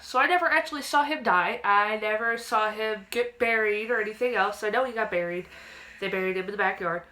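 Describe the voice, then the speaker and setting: Bright-voiced young woman telling a story. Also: mid-range voice, fairly quick, poor audio. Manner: animated, acts out quotes in a raised childlike voice. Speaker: vlogger telling a personal ghost story. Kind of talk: casual storytelling to camera.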